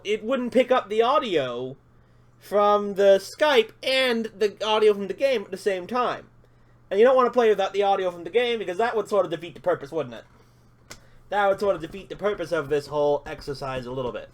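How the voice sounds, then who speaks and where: A man giving casual let's-play commentary, chatting to himself as he plays and breaking into excited bursts. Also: high voice, moderate pace. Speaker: gamer streaming a playthrough.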